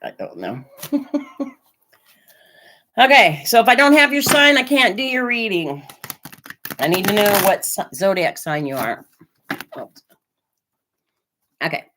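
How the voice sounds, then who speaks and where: A woman's voice: mid-range voice, big pitch swings, slow, pauses often, fairly bright tone, slight background noise. A woman from Oregon chatting on a live stream while she gives a tarot reading, with lots of fillers and hesitations. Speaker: tarot reader.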